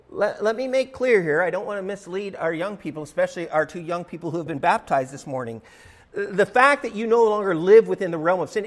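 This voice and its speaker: A man preaching a sermon as pastor in a church, in an emphatic, conversational way with rising stresses. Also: high-pitched. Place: church sanctuary.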